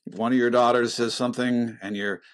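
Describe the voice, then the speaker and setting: A middle-aged man talking earnestly about faith and relationships, with a pastoral manner, often dropping into a soft, low voice. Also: fairly even intonation, fairly quick. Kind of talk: reflective faith conversation.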